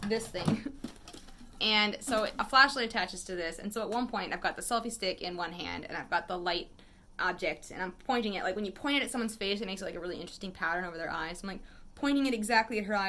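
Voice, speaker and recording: A woman speaking straight to camera in a casual storytelling vlog, her voice bright and clear at a middle pitch. She is animated and wry, with a chatty flow full of "like" fillers. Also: fairly quick. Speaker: photographer and vlogger.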